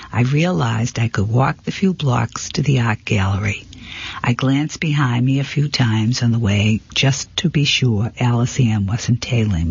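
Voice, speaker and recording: A man narrating a first-person mystery novel in a steady reading voice, sometimes stumbling and correcting himself. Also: medium pitch, creaky, slightly rough, no echo, muffled recording. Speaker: audiobook reader.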